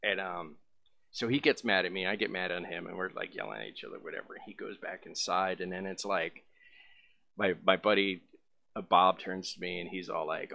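Low-voiced man rambling through a story. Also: normal speed, creaky, sharp tone, slight background noise. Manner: rambling, full of fillers. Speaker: vlogger. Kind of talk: casual storytelling.

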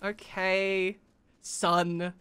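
An Australian man streaming a video game, excitable and playful, often shouting during fights. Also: high-pitched, extremely slow, clean tone, no room sound. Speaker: gaming streamer. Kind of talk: casual gameplay chat.

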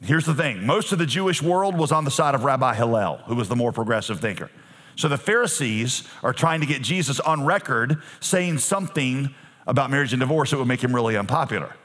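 A middle-aged man preaching a sermon as pastor, animated and humorous, acting out voices from the text. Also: medium pitch, brisk.

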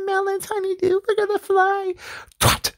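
A woman doing slow mumbling hapless husbands. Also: very deep voice, creaky, no room sound, studio quality, full character voice. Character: dim, hapless 1980s husbands chatting.

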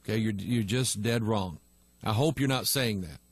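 A man's voice: on the low side, normal speed, husky. A male pastor teaching online, reading viewer messages aloud and answering them bluntly and with emphasis.

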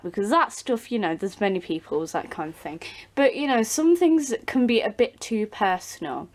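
A teenage girl, chatting casually to her viewers in a rambling way, with many ums and restarts. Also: medium pitch. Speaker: doll channel vlogger. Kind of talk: casual vlog chat. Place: home, behind the camera.

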